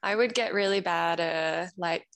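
A woman with an Australian accent, a podcast host chatting as a guest over a video call on a headset, easygoing and quick to laugh. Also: lowish voice, vocal fry, a bit bright. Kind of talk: casual interview chat. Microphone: headset with boom mic.

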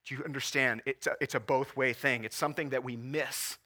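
Bright-voiced earnest pastor in his forties. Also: medium pitch, fairly even intonation, fairly quick. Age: 40s. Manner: earnest, emotional, pushing back tears. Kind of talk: sermon. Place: church.

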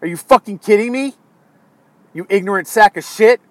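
An American man ranting angrily about politics, swearing constantly and swinging between low muttering and exasperated yelling. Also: a little fast, no room sound. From United States. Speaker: political commentator. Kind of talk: angry political rant.

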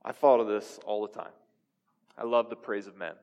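A man's voice: on the low side, steady tone, normal speed, a little mellow, smooth. Man preaching in a reverberant hall. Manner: conversational preaching with audience questions. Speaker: pastor. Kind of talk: sermon.

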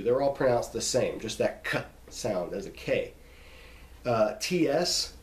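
A man's voice: mid-range voice, darkish tone. Patient man teaching pronunciation, echoey room. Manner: patient, repeats and restarts, sounds out examples slowly. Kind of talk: explaining Hebrew name pronunciation.

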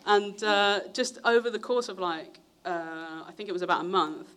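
A young preacher with a bright, forceful, level voice tells his testimony at normal speed, chattily, over slight background noise. He brings quoted people to life by acting out their voices with big pitch shifts.

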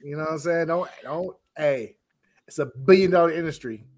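A man's voice: on the high side, darkish tone. Teasing man hosting a podcast. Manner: teasing, quick to laugh. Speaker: podcast host. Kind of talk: casual chat.

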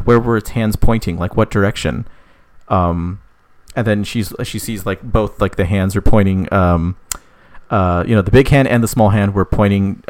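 A man loosely rambles through a story he's inventing, dropping swear words and many fillers, and he takes on a higher pitch for the characters' dialogue.

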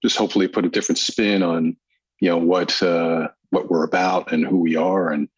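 A man's voice: low-pitched, little pitch movement, fairly quick, husky, no room sound, highs cut off. A man, a police detective as guest, talking in a laid-back, friendly way and leaning on "you know" a lot. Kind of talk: casual chat.

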